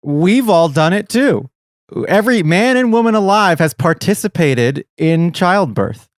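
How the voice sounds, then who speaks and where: A man's voice: sits high, animated, a little slow, no room sound. A man co-hosting a podcast, making dry, joking asides in casual chat. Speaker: podcast co-host.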